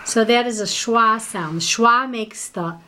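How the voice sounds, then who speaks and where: A woman's voice: on the high side, takes it slowly, sharp tone, slight background noise. Brief: woman teacher, patient, one-on-one tutoring, prompts with questions. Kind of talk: one-on-one reading lesson.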